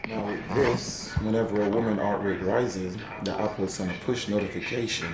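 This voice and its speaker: An actor in a skit video, playing a man who explains an app in a slow, matter-of-fact way. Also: fairly low pitch, steady tone, close to an everyday voice. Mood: explaining. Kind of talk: scripted skit acting. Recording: echoey room with background noise, played from a video.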